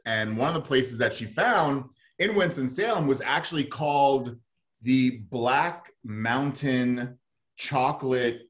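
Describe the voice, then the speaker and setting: A man's voice: mid-range voice, fairly bright tone. A man co-hosting a local radio food show, chatting casually and rambling with lots of fillers.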